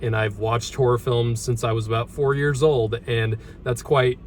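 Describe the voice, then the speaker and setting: A man hosting a casual movie review, halting often with ums and restarts as he talks through a horror mask. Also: mid-range voice, little pitch movement, slight background noise.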